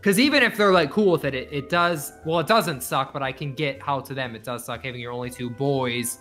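Guy spilling a family story, bright voice, does everyone's voices, swears a lot. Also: medium pitch, a little fast, faint music behind. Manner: animated, acts out quoted voices, swears freely. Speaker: podcast guest. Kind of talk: casual storytelling chat.

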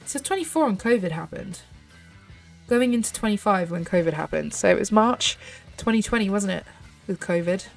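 This woman's medium-pitched, expressive voice has some vocal fry and moves at normal speed over soft background music. She's a 30-year-old British gaming channel host giving casual commentary as she plays. Bubbly and thinking aloud, she lets out little gasps and squeals.

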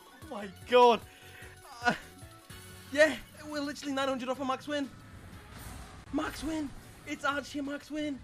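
A man's voice: extremely high pitch, steady tone, moderate pace, soft background music. A young man streaming slot games on a headset mic, who begs the game and screams in disbelief at his wins. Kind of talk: live gambling stream reaction.

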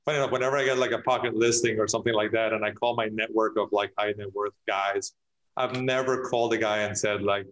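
A man's voice: on the low side, steady tone, fast talker, fairly bright tone, low-quality recording. A man, a real estate agent, talking in a casual podcast interview, telling stories with many restarts and acting out his clients' lines.

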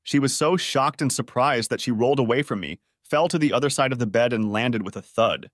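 A man reading a first-person story aloud in a steady, even manner. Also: mid-range voice, a little fast, no echo, studio quality. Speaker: audiobook narrator.

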